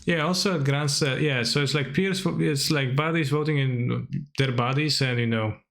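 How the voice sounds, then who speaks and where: A man's voice: medium pitch, moderate pace, creaky, a bit bright. Wry, chatty male streamer. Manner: chatty and wry, laughs often, loose with many filler words. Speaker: streamer reacting to old videos. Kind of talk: casual stream commentary.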